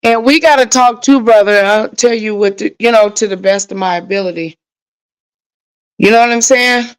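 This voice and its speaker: A woman's voice: mid-range voice, normal speed, clean tone, low-quality recording. A woman hosting a casual livestream, talking straight to her viewers in a frustrated, rambling way. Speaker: livestream host.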